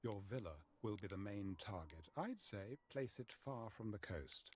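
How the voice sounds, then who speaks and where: A man voicing a calm city advisor in a video game who gives measured, informative warnings. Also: on the low side, slight background noise. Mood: advising.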